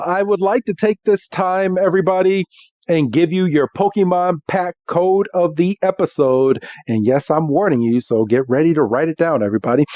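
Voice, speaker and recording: A man hosting a podcast, recapping an episode in a casual, halting way with many fillers and frequent laughs. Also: fairly high pitch, mellow, dry recording. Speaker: podcast host. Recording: slightly muffled dry podcast mic.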